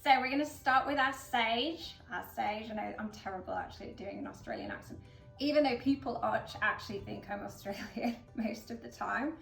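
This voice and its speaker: A woman's voice: on the high side, fairly quick, vocal fry, fairly bright tone. A woman from England, hosting a casual flower-arranging demonstration in a chatty, upbeat way with plenty of fillers. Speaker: florist host. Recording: roomy echo, mic at a distance, faint background music.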